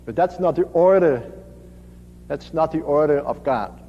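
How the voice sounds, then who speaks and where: A man preaching a sermon slowly and gently, his voice dropping to a soft hush on tender phrases. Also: on the high side, slight background noise. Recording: dull lo-fi recording in a reverberant hall.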